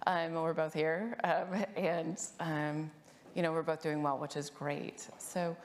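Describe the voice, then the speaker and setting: A middle-aged woman with a notably low voice, talking at a medical conference. She tells her own story in an earnest, candid way, steady and plain, with some fillers along the way. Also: slow pace. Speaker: conference panelist, nurse practitioner.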